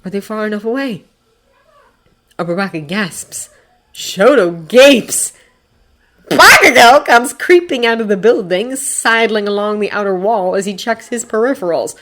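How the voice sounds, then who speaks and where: Woman audiobook reader, expressive, lively. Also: mid-range voice, measured pace. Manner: expressive, acting out voices. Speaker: fanfiction reader. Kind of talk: audiobook narration.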